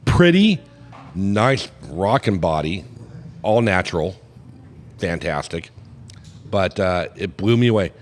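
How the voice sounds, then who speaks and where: A man from Oregon spins a loose, rambling yarn among friends, his fairly low voice swinging widely up and down as he acts out the other people in the story. He talks like a podcast co-host relaxing in a cigar lounge, with a faint hiss behind him. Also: expressive, slow pace, long pauses, in a large hall. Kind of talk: casual storytelling chat.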